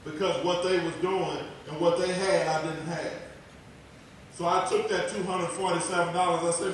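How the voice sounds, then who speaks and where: A fairly high-voiced middle-aged man from tells his story as a motivational speaker, swinging from loud to hushed. His rings through a big echoey room, picked up from some way off the mic with a faint hiss underneath. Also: normal speed. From Texas. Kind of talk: personal testimony speech. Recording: echoey hall, voice far from mic.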